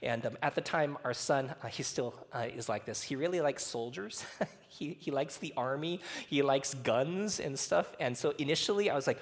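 A man's voice: mid-range voice, normal speed. A man preaching a casual sermon, chatty and laughing, full of fillers and asides. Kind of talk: casual sermon with personal stories. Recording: long hall reverb.

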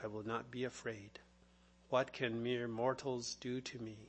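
A man preaching a sermon, explaining scripture in a deliberate, teaching manner with occasional fillers. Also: mid-range voice, level tone, a little hiss or hum.

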